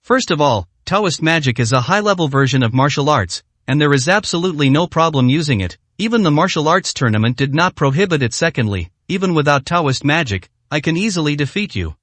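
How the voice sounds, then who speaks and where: Cool, unhurried young male sect leader from a storybook, read by a man; lively high-ish voice, dry. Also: no room sound. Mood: calm. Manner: calm, cold and unhurried.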